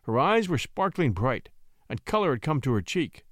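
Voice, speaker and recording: A man narrating a classic short story in an expressive, theatrical reading. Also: mid-range voice, moderate pace, no echo, clean studio sound. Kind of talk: dramatic audiobook reading.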